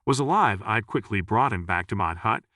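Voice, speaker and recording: Steady woman hunter telling what she saw read by a man, low and dry. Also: moderate pace, no echo. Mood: earnest. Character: brave woman hunter, plainspoken witness.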